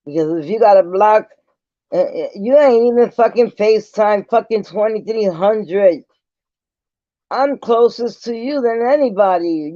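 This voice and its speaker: Profane, confrontational high-voiced man. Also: dark tone, dry recording. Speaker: vlogger. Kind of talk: angry rant to camera. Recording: dull lo-fi sound.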